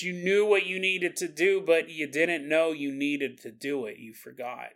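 A man hosting a solo podcast, telling a story in an animated way and laughing as he acts out quotes. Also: a little high, measured pace, few pauses. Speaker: podcast host. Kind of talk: casual solo podcast monologue.

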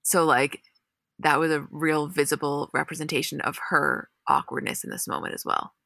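A woman with a low, gravelly voice and a bright, forceful edge, talking close to a dry mic. She recaps scenes in a candid, profane, animated way, like a chatty podcast co-host. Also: moderate pace, dry recording. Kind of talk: casual recap chat.

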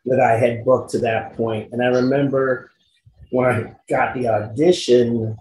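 A man's voice: medium pitch, a little slow. A man tells a story from his acting days in a loose, easygoing way, full of fillers. He livens up when he quotes himself. His voice rings a little in a roomy space, with faint noise underneath. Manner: relaxed, frequent fillers, lively when quoting himself. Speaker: actor guest recalling a past role. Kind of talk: casual anecdotal storytelling.

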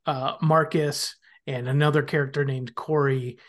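A man's voice: mid-range voice, steady tone, moderate pace. A man guesting on a podcast, retelling TV scenes line by line in casual chat. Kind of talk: casual chat recapping a TV episode.

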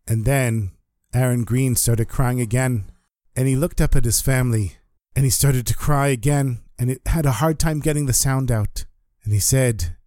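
A man telling a story in an earnest, animated way. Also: medium pitch, normal speed, no room sound, clean studio sound. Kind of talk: spoken storytelling.

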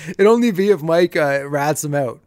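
A man's voice: fairly high pitch, expressive, normal speed, darkish tone, no room sound, studio quality. A man hosting a podcast, casually recapping an old TV episode and chuckling as he retells the scenes.

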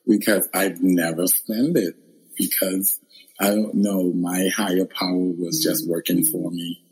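A man's voice: low voice, a little slow, breathy edge, poor audio. A man from the Bahamas, a guest in a casual interview, telling his story expressively and laughing often. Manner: expressive, laughs often, acts out quoted voices.

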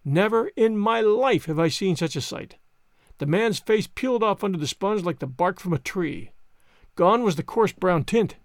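A man narrating a story in an expressive, animated reading style. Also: high-pitched, moderate pace, dry recording, clean studio sound. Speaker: audiobook narrator.

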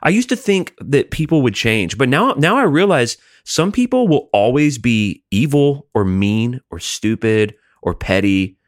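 A man's voice: mid-range voice, big pitch swings, unhurried, few pauses, dry recording, studio quality. A man in casual chat, reflective and filling his speech with "like" and "you know". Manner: reflective, heavy use of "like".

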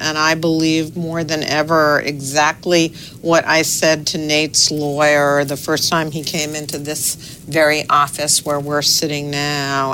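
A middle-aged woman, a newspaper's executive editor, answering interview questions in a measured, thoughtful way with pauses and fillers. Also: low voice, fairly bright tone, slight background noise.

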